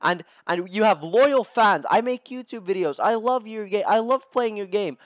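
A young man delivers a live gameplay commentary rant in a slightly high voice. He swears heavily and stumbles through repeated restarts. The sound is close and dry, with no room around it. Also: expressive, normal speed, dry recording. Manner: ranting, heavy swearing, stammered restarts. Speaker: gaming YouTuber.

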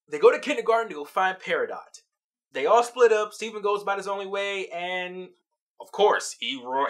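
Lively, bright-voiced episode recap. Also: mid-range voice. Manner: animated storytelling, laughs often. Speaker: vlog host.

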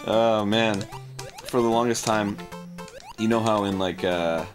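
A man's voice: fairly low pitch, fairly even intonation, measured pace, music in the background. A man co-hosting a comedy chat show, rambling and swearing as he acts out both sides of annoying everyday exchanges. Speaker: podcast co-host.

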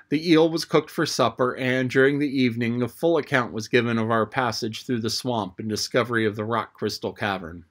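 A man's voice: mid-range voice, fairly bright tone. Man narrating a classic adventure novel. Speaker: audiobook narrator.

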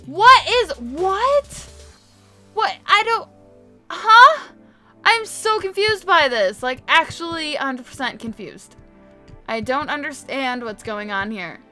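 A chatty woman gives casual gameplay commentary in a high, bright voice. She is excitable and quick to exclaim, with faint music playing behind her. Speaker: gamer, video host.

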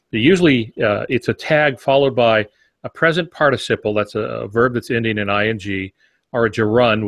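Measured older man explaining craft. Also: lowish voice, fairly bright tone, no echo. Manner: measured, explanatory, plain-spoken. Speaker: writing podcast co-host. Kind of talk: instructive podcast discussion.

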